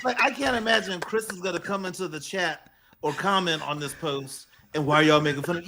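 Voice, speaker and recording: A man's voice: high-pitched, fairly quick, pushed and bright, a little hiss or hum. A man co-hosting a podcast in casual chat, teasing playfully and laughing through his jokes. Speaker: podcast co-host.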